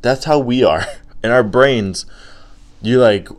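A man's voice: lowish voice, measured pace. A man hosting his own podcast, talking into a home microphone in a casual, joking rant and acting out the people he quotes. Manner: animated, joking, acts out quoted voices. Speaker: solo podcast host. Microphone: home microphone wrapped in cotton.

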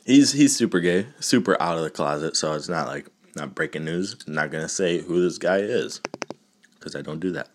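A man's voice: sits low, lively intonation, moderate pace. A man hosting a solo podcast, talking casually with crude jokes and frequent laughs. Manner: crude, joking, laughs often. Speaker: podcast host.

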